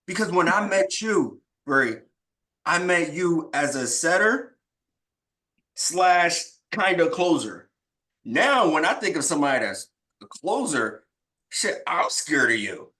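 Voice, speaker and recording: A man co-hosting a podcast in casual chat, talking in an animated, hyped and slangy way. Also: fairly high pitch, slow pace. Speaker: podcast co-host.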